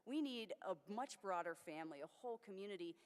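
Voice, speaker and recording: A woman's voice: mid-range voice, lively intonation, quick pace, clean tone. A woman giving a conference keynote, telling personal stories in an earnest way. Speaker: keynote speaker. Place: large conference hall. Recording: long reverb of a large hall.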